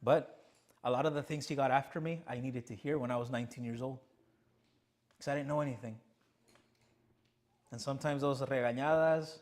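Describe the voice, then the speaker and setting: A young man preaching a sermon as pastor of his church, emphatic and full of rhetorical questions. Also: medium pitch. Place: church sanctuary.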